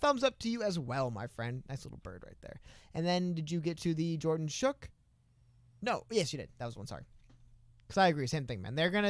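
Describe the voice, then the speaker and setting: A man co-hosting a casual political chat, animated and rambling, often trailing off mid-sentence. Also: fairly high pitch, brisk, no room sound, clean studio sound. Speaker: co-host.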